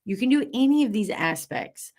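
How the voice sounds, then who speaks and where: A woman's voice: a little high, expressive, moderate pace, darkish tone. A woman hosting a live online class, bubbly and encouraging, reading out viewer comments with lots of fillers.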